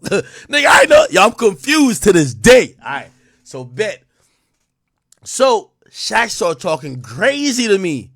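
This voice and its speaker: A man telling a story on a live stream, excitable and profane, jumping between loud outbursts and mumbled asides into a close mic. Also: very high voice, measured pace, dry recording.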